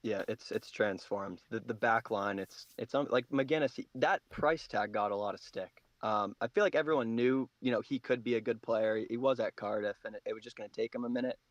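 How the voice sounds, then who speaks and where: A man from the United States calling into a football phone-in, enthusiastic but halting, with many restarts. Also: fairly low pitch, dry recording. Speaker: caller. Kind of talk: casual football chat. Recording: dull dry call-in audio.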